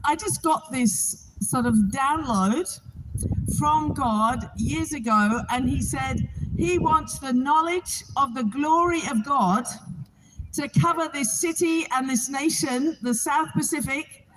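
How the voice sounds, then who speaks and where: A woman's voice: high-pitched, fairly bright tone, slight background noise, rough recording. A woman from England, giving an earnest, heartfelt spoken testimony outdoors to a gathering. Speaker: Bible reading organizer.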